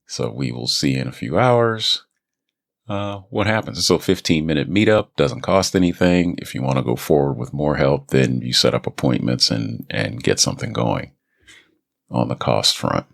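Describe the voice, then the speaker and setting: Very deep, gravelly man rambling casually. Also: lively intonation, normal speed. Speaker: podcast host and voice actor. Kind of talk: casual podcast monologue. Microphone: studio microphone.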